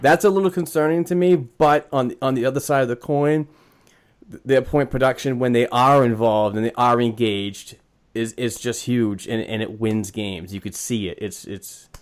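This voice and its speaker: A man's voice: medium pitch, fairly even intonation, moderate pace. A man co-hosting a podcast, hesitant with many fillers, reading out numbers enthusiastically. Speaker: podcast co-host. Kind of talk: casual sports chat.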